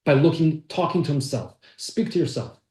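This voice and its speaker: A man's voice: on the high side, expressive, normal speed, darkish tone. Man teaching a class in an echoey room. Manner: storytelling, acts out quoted speech. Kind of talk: telling a story in a class.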